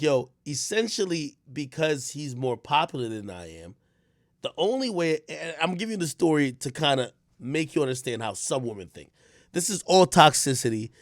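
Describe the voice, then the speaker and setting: A man streaming and rambling on in casual commentary, his pitch jumping all over as he goes from low mutters to loud bursts. He restarts his sentences often with stammered fillers. The sound is dry and close. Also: dry recording. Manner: rambling, animated, swings from low mutters to shouts. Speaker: streamer host.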